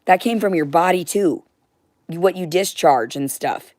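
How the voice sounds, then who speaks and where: A woman with a low-set voice rants her way through a long livestream monologue. She is profane and rambling, and sounds close and dry with no room around her. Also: a little slow, darkish tone, no room sound.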